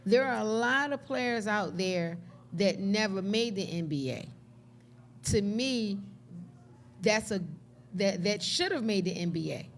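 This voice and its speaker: A woman's voice: mid-range voice, lively intonation, a little slow, a little hiss or hum. A woman co-hosting a comedy podcast, talking in a sassy, eager way and talking herself up. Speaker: podcast co-host. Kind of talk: casual panel chat.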